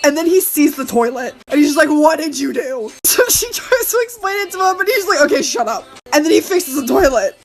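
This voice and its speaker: Woman, very high voice, chatty, giggly, casual storytime. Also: expressive, fast, hardly any pauses, low-quality recording. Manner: chatty, giggly, acts out a panicked friend. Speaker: storyteller recounting a party. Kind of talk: casual storytime to phone camera.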